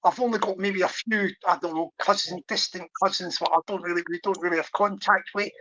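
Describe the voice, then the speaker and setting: Bright-voiced man, hesitant livestream host. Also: high voice, steady tone, a little fast, a little hiss or hum. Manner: hesitant, rambling, full of restarts. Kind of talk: casual livestream chat. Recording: dry lo-fi stream audio.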